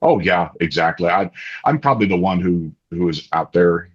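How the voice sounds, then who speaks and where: A man, an interview guest and family spokesman, telling stories in an excitable, animated way with many restarts. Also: deep voice, normal speed. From Kansas. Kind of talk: casual interview storytelling. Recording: slightly dull lo-fi audio.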